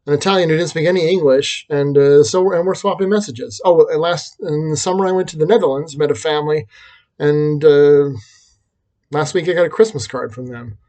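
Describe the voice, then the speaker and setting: Guy vlogging about his life, kinda high voice, rambly, pokes fun at himself. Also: a little fast, dark tone. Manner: rambling, self-deprecating, frequent restarts. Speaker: vlogger and teacher. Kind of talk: reflective personal vlog monologue.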